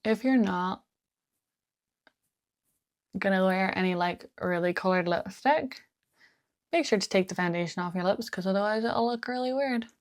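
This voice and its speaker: A woman's voice: medium pitch, moderate pace, pauses often, no room sound, studio quality. A woman chatting casually at home while doing her makeup, muttering little asides to herself as she works. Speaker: beauty vlogger. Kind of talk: chatty get-ready-with-me talk.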